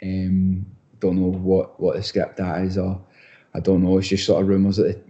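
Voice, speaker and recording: A man's voice: sits low, monotone, normal speed, mellow, muffled recording. A young Scottish man, a footballer being interviewed, chatting casually with lots of restarts and repeated words. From Scotland. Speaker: footballer guest.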